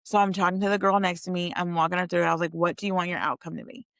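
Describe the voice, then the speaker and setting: Casting: young woman, vlogger, chatty and animated storytelling, gravelly edge, dry close sound. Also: lowish voice, very fast, no room sound. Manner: chatty, animated, addresses viewers as you guys. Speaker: vlogger telling a personal story. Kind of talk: casual storytelling to camera.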